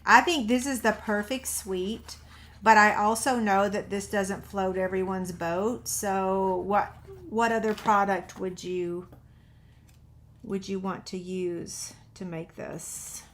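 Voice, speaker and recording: A chatty woman walks viewers through a paper-craft project at an easy, slow pace. She laughs off her own slip-ups and talks straight to her audience. A runny nose gives her voice a slightly stuffy edge. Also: mid-range voice, steady tone, a bit bright, slight background noise. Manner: chatty and self-deprecating, talks to viewers while working. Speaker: paper-craft video host. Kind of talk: casual crafting tutorial chat.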